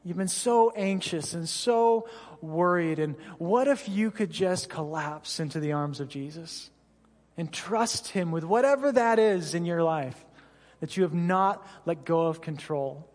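A man with a high, light voice preaches a sermon in a church sanctuary, his words trailing off into a long hall reverb. He talks to the congregation in a relaxed, story-telling way, often turning to ask them direct questions. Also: a little slow. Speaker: pastor.

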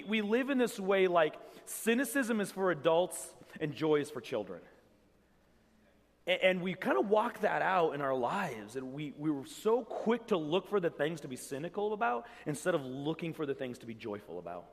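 A man's voice: on the high side, in a large hall. A man preaching a sermon as pastor, talking conversationally and acting out quotes with animation. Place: church.

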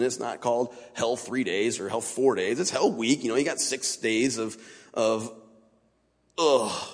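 A man giving an informal sermon as a guest speaker in a church, talking in a casual, plain-spoken, conversational way. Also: medium pitch. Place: church sanctuary. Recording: long reverb of a large church hall.

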